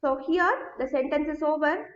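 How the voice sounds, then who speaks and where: A woman teacher giving a recorded grammar lesson. She goes slowly, step by step, and often checks that students follow. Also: sits high. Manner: slow, explains step by step, checks understanding. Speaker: school English teacher. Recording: echoey room, dull lo-fi sound.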